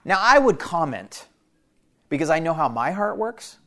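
A man's voice: a little high, very animated, normal speed, a bit bright. A man preaching an expository sermon, earnest and emphatic, repeating key phrases for weight.

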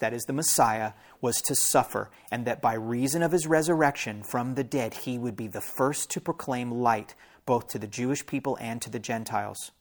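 A man, a pastor, preaching a sermon and reading scripture aloud, stopping often for plain explanatory asides to his listeners. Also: mid-range voice.

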